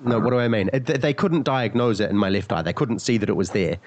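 A man's voice: fairly low pitch, fast talker. A man with a cold chatting casually on a podcast, rambling and correcting himself as he searches for words. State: sick with a cold. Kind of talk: casual chat.

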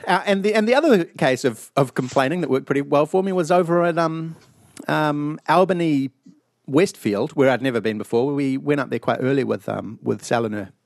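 A man hosting a casual podcast chat, telling stories in a profane, animated way. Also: fairly high pitch, fairly quick, vocal fry, dry recording, clean studio sound. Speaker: podcast host. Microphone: online call mic.

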